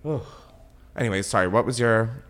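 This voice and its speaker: A man hosting a podcast in casual chat, animated and giggly, swearing often. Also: medium pitch, normal speed. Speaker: podcast host.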